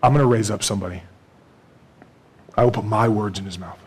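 A man's voice: lowish voice, fairly quick, husky. A man preaching a sermon in a conversational way, acting out bits of dialogue and laughing with the congregation. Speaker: pastor.

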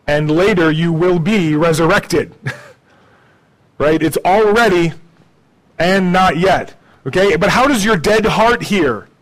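On poor audio, a male pastor delivers a sermon in a chatty manner. He tags his points with "right?" and "okay?", dropping into quiet, low asides before rising into emphatic statements.

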